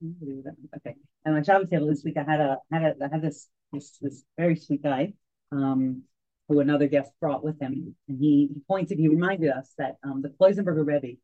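Woman, storytelling guide, halting with many restarts, mellow warm tone, dull lo-fi sound. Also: low-pitched. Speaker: tour guide. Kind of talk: telling a story to a group. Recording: dull lo-fi recording.

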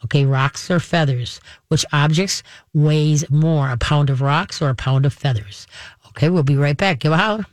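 A woman's voice: low-pitched, normal speed, no echo. A woman hosting a radio show, chatting casually about pets and acting out what the animals might say. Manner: chatty, acts out pets' voices and repeats questions.

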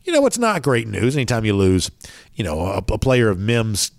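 A man's voice: lowish voice, huge pitch swings, normal speed, gravelly, no echo, clean studio sound. A man hosting a college sports podcast in a casual, rambling way, his voice nasal and worn from allergies. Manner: rambling with many fillers.

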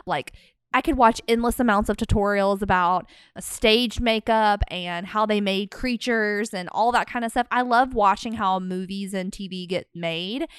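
A woman co-hosting a podcast in casual chat, candid and animated, acting out her own reactions as she tells stories. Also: medium pitch, normal speed, clean tone, no echo, clean studio sound. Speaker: podcast co-host. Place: podcast studio.

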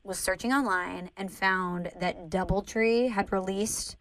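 A woman co-hosting a podcast, chatting casually and teasing her co-host in an animated way. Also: medium pitch, unhurried, dry recording, low-quality recording. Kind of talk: casual chat. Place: Saint Louis.

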